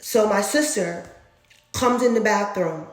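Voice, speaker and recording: Woman telling her faith story, mid-pitch voice, acts out sounds, roomy echo. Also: a little slow, noisy background. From Dallas, Texas. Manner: animated, acts out sounds, laughs often. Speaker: storyteller sharing a faith testimony. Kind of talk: personal testimony storytelling.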